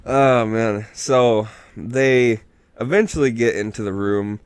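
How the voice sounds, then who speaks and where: A man's voice: mid-range voice, takes it slowly, clean tone, no echo. A tipsy man hosting a podcast, rambling through a movie recap in casual chat and swearing freely. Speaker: podcast host.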